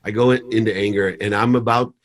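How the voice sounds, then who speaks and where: A man's voice: lowish voice, fast. A middle-aged man, a podcast guest, telling a story and acting out the dialogue. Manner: animated storyteller, acts out dialogue.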